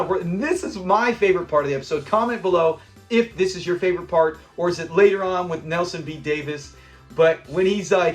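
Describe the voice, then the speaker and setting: A man hosts a casual breakdown of a classic sitcom episode. He talks with enthusiasm in a fairly high voice and slips into the characters as he quotes them. Soft music plays underneath. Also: a little fast. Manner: enthusiastic, acts out quoted lines. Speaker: show host.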